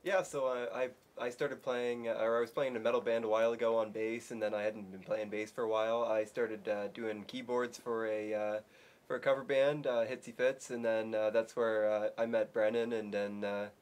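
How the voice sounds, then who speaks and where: Keyboard guy, kinda monotone, lowish, stops and starts a lot. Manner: halting, hesitant. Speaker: band keyboardist. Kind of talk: casual interview chat.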